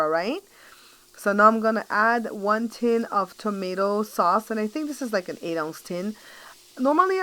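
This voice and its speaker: Working in her kitchen, a middle-aged woman hosts a home cooking show in a mid-range, fairly bright voice. She keeps up casual chat aimed directly at her viewers, frequently checking in with them with questions like "okay?"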